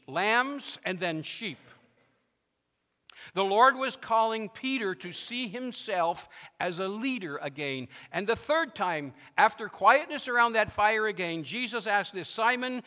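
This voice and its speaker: A man's voice: high-pitched, animated, unhurried, sharp tone. A male pastor preaching a sermon, emphatic and fond of repeating his phrases, with a long reverb from a large hall.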